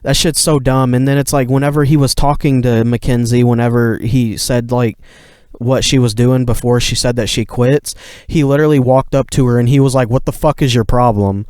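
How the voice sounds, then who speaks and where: A man's voice: medium pitch, flat delivery, brisk, a little mellow, clear, resonant tone, no room sound, studio quality. A young man co-hosting a podcast, retelling a story in casual chat, heated and profane, full of fillers. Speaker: podcast co-host.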